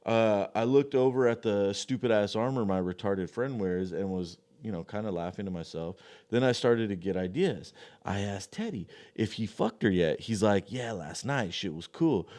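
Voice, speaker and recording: A young man spinning a raunchy story in an offhand, sneering way. His voice sits low, smooth and resonant, and he swears freely. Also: lively intonation, normal speed, mellow. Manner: profane, offhand and mocking. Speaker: podcast storyteller. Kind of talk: crude casual storytelling.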